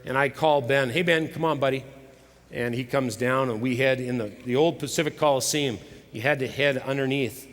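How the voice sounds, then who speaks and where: A middle-aged man giving a motivational sermon at a conference, telling stories dramatically and swinging between loud and hushed delivery. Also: medium pitch, fairly even intonation, normal speed. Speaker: conference speaker. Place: large hall with live audience. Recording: live hall recording with long reverb.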